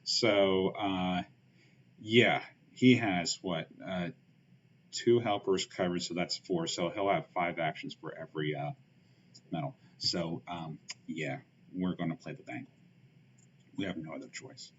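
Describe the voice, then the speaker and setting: A man with a low voice streams a card game, taking his time as he mulls over plays in casual commentary. He uses lots of fillers and mutters asides, and the stream audio is dull and lo-fi with faint hiss.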